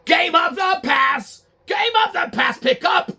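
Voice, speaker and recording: A man voicing a pompous male tech executive who shouts his orders and repeats his own name. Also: very high-pitched, little pitch movement, normal speed, soft background music, voice pushed up, full character voice. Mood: bellowing.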